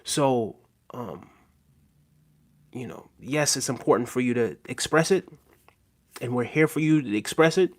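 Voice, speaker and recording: A man hosting a casual livestream, reading viewer comments aloud and talking to his audience in an earnest, reassuring way with lots of fillers. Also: medium pitch. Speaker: livestream host.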